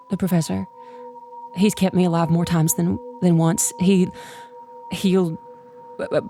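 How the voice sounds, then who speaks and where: Tender low-voiced woman playing in character. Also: mellow. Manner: tender, affectionate, with light laughs. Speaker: player. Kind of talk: in-character tabletop play.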